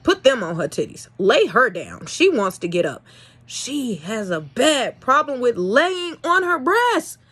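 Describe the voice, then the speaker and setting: A young woman breeder telling a casual vlog story in an animated, exasperated way, swinging between loud and soft. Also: a little high, unhurried, husky. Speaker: dog breeder.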